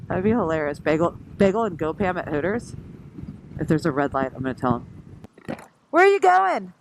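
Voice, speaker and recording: A woman's voice: low voice, lively intonation, normal speed, poor audio. Woman motovlogger, rambling casual chatter, laughs a lot, recorded on the road with engine and wind noise. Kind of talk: casual chat while riding. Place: on a scooter on the road outdoors. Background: traffic and engine noise.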